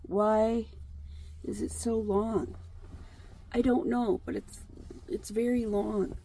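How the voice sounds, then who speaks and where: A woman vlogger rambles casually to the camera, partly outdoors beside a lake, and at one point talks softly to a duck. Her medium-pitched voice is steady, slow, and creaky, with a breathy edge.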